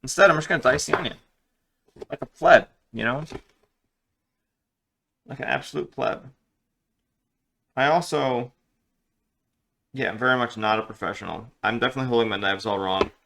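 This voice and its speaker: A man's voice: medium pitch, normal speed, vocal fry, long pauses, background noise. A man chatting casually in a home kitchen while he cooks, rambling and joking about himself. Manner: rambling, self-deprecating, joking. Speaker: cooking vlogger. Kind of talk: casual cooking vlog.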